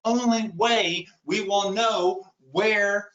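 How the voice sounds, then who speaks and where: A man's voice: sits high, steady tone, drawn-out words, fairly bright tone, roomy sound, muffled recording, full character voice. A man voicing a stern, no-nonsense female hospital nurse inside a story, curt and firmly insistent.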